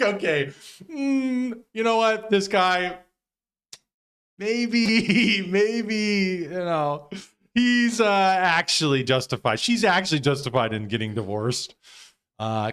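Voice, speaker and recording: A man's voice: high-pitched, a bit bright, smooth. A man hosting a live stream, giving loose, profane reaction commentary with frequent laughs.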